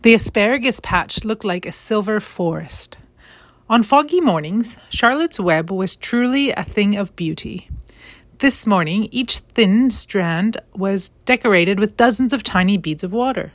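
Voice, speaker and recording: A woman reading a children's novel aloud in a gentle, measured storytelling manner. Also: mid-range voice, lively intonation, dry recording. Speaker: storybook reader.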